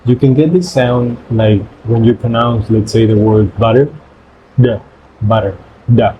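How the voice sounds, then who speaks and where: A man whose first language is Spanish, teaching pronunciation in English by repeating syllables in slow drills. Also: mid-range voice, fairly even intonation, narrow, tinny audio, background noise. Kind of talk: pronunciation lesson.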